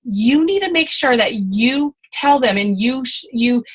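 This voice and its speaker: A woman in her thirties gives a motivational training talk to her team. Her voice sits a little high, and she stays chatty and encouraging, stumbling through restarts and fillers as she goes. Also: animated, unhurried, husky, low-quality recording. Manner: chatty, encouraging, many fillers and restarts, acts out quoted people. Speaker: team leader giving training.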